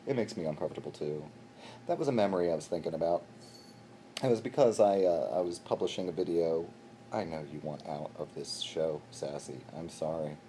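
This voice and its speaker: A man's voice: very deep voice, a little fast, warm tone, slight background noise. A young man hosting his show, telling a rambling comic story with self-deprecating asides to a silent companion. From Baltimore, USA. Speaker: show host.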